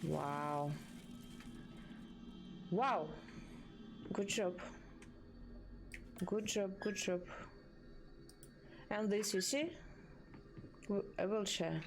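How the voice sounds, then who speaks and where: Slow-talking woman gamer. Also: medium pitch, music in the background. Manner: chatty, talks to the game and viewers, bemused. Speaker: gaming streamer. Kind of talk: live horror game commentary. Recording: game ambience noise behind.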